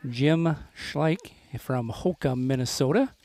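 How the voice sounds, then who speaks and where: A man announcing a live local event on a microphone, halting often with filler pauses as he reads names off a list. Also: fairly high pitch, a little mellow, dry recording. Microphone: handheld microphone.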